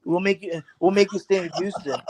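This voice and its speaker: A man's voice: sits high, a little fast, a little mellow. A man co-hosting a casual sports talk show, brash and profane, mocking his friends. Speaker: podcast co-host.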